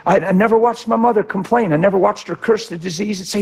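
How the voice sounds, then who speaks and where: A man preaching a sermon with passion, moving between shouted lines and quiet, reflective ones. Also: sits high, fast, creaky, hardly any pauses, husky. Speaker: pastor.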